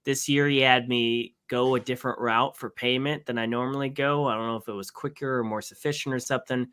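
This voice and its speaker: A man on a podcast casually telling an animated story, acting out both sides of a conversation. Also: medium pitch, a little fast, smooth. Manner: animated anecdote with quoted exchanges. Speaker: podcast co-host.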